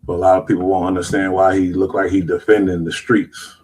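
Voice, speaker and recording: A man's voice: sits low, level tone, a little fast, a little mellow, husky, rough recording. A man hosting a show, reacting to clips in loose slang and rambling, casual commentary. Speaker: show host.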